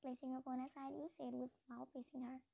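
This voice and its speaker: A woman's voice: high voice, flat delivery, quick pace, gravelly, warm tone, low-quality recording. A woman reading a fan fiction story aloud in her own voice. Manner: reads every character's lines in her own voice.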